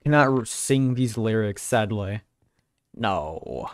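A man's voice: on the low side, animated, takes it slowly, no echo, clean studio sound. A young man live-streaming a game, chatting casually and teasing his viewers in a joking way. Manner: joking, teasing chat banter.

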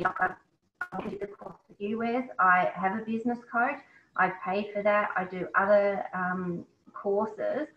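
A woman being interviewed, talking in an animated, emotional way and often breaking into exclamations. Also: mid-range voice, slight background noise. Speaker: interview guest, business owner. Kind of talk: casual interview chat. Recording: echoey, slightly dull recording.

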